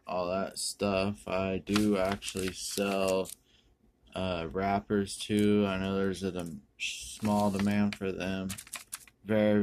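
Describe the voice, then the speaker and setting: A man rambling through a pack opening, correcting himself and using many ums and uhs, with sudden bursts of excitement. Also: deep voice, a little hiss or hum. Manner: bursts of excitement over good pulls. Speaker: card-opening video host. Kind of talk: casual pack-opening commentary.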